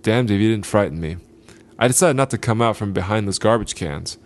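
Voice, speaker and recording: Low-voiced man reading a gritty story. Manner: slow, deliberate, gritty storytelling. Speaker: podcast host. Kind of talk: reading a short story aloud.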